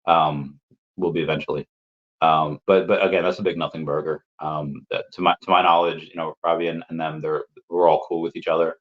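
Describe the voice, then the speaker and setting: A man's voice: rumbling low, flat delivery, brisk. Rambling male streamer, coughing, lo-fi sound. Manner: rambling, laughs often, repeats words. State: coughing, recovering from illness. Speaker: livestream host answering chat. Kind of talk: casual live chat. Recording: dull lo-fi stream audio.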